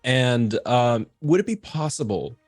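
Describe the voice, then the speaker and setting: A man's voice: mid-range voice, animated, a little slow, no room sound, studio quality, soft background music. A man playing a tabletop role-playing game, eager and casual. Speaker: player.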